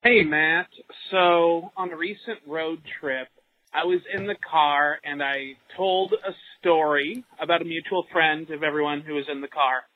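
A man's voice: fairly high pitch, a little slow. A man calling in to tell a story and ask for advice. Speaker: caller. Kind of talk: phoned-in story. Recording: tinny phone line.

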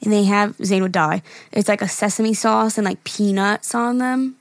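A woman's voice: mid-range voice, moderate pace, no echo. A young woman co-hosting a podcast in casual chat, talking freely with lots of fillers and laughs. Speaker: podcast co-host.

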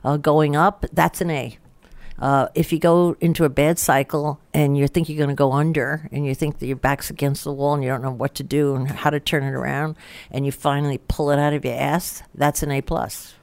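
A woman's voice: sits low, fairly even intonation, fairly quick, darkish tone. Blunt, salty older woman. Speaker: guest business founder. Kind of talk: casual interview talk.

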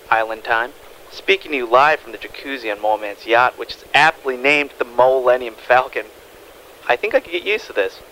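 A man voicing a relaxed guy speaking a chatty log. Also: medium pitch, a little hiss or hum, lightly acted, rough recording. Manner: chatty, log-style narration.

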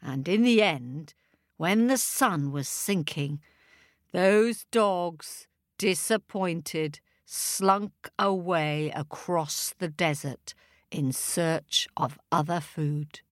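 A woman reading a children's story aloud with an animated, expressive manner. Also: fairly low pitch, drawn-out words, no echo, studio quality.

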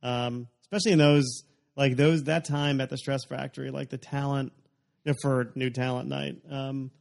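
Gravelly man chatting loosely. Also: medium pitch, little pitch movement, moderate pace, darkish tone. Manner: rambling, many fillers and "like"s. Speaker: podcast host. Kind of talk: casual chat.

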